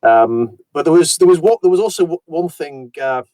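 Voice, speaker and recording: A man from Yorkshire, an audiobook narrator, chatting about his voice work in an animated storytelling manner. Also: a little high, normal speed, no echo. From Yorkshire, England. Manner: animated, chatty storyteller who slips into accents. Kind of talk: casual conversation about voice work.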